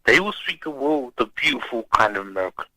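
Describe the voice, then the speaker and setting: Man, radio caller, insistent, very bright tone, mid pitch. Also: animated, brisk, dry recording, low-quality recording. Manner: emphatic, insistent. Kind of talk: call-in radio talk.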